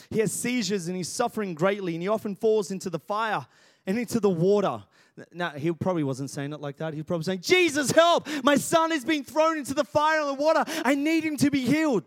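This lively preacher speaks in a high-pitched male voice, dramatizing Bible characters and calling on his congregation as he delivers a sermon. There's no room sound, just a clean studio recording.

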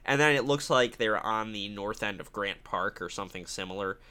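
A man with a lowish, bright and forceful voice chats through a film recap on a podcast. He tells it in animated bursts, swears casually and laughs often. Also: fairly quick, clear, resonant tone. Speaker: podcast co-host. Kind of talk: casual movie discussion.

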